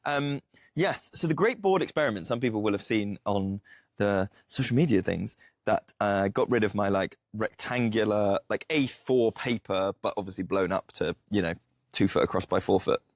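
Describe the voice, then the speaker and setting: A man co-hosting a podcast chats casually in a kitchen, rambling, joking at his own expense and saying "like" constantly. His voice is fairly low and his speed normal, with clean studio sound and no echo.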